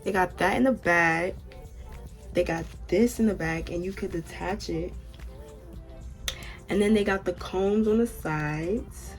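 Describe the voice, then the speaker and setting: A woman's voice: fairly low pitch, unhurried, pauses often, faint music behind. Chatty young American woman vlogger. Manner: chatty, talks straight to viewers with "y'all". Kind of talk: casual unboxing chat.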